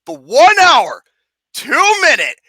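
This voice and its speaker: Sarcastic reviewer swearing nonstop, super animated pitch, dry close sound. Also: takes it slowly, no echo. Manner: animated, swears constantly, breaks into laughter; sarcastic and mocking. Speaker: movie reviewer. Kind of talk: profane comedic movie review rant.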